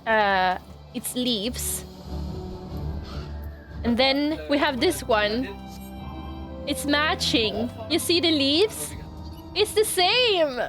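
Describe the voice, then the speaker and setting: Woman streamer, high voice, easy slow delivery, giddy and teary, casual live chat. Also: lively intonation, over music. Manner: emotional, laughing, swearing, near tears. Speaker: game streamer.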